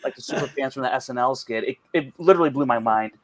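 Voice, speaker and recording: A man's voice: medium pitch, fast, dry recording. A man from Chicago with a mild Chicago accent, chatting as a podcast guest and telling rambling stories full of restarts. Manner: rambling storyteller with many restarts. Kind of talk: casual chat.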